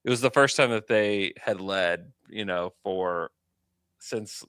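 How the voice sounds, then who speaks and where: A man co-hosting a podcast in casual sports chat, animated and chatty. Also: fairly low pitch, slow, smooth, dry recording, clean studio sound. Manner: animated, chatty, lots of fillers. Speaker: podcast co-host.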